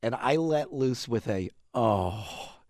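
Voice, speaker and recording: Podcast host brief: man, rambling storyteller, lively pitch swings, dry close sound. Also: moderate pace, dry recording. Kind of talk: casual chat.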